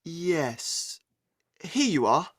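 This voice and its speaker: A woman's voice: sits low, sing-song, drawn-out words, no echo, studio quality, heavily acted. A woman with a British accent playing a teenage girl who gives her details and spells them out letter by letter in a scripted coursebook dialogue. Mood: plain. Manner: plain, spells out letters one by one.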